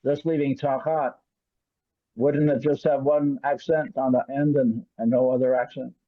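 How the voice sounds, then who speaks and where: A man's voice: mid-range voice, steady tone, normal speed, dry recording, narrow, tinny audio. A male student asking tentative questions during an online lesson.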